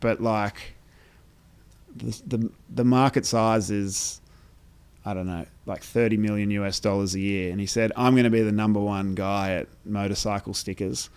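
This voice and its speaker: This is an Australian man with a fairly low, smooth and clear voice. He is a founder chatting in a relaxed podcast interview, telling his stories with plenty of fillers and restarts. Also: moderate pace. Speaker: brand founder, podcast guest. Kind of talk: casual interview chat.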